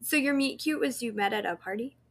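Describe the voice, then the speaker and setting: Playful young woman, slightly high voice. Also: animated, fairly quick. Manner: playful, chatty, joking. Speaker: guest. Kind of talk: casual chat.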